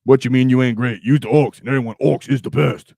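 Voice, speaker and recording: A man voicing a boisterous male ork warrior who shouts boasts in a rowdy, gruff way. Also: mid-range voice, steady tone, fast talker, no echo, studio quality. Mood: boastful.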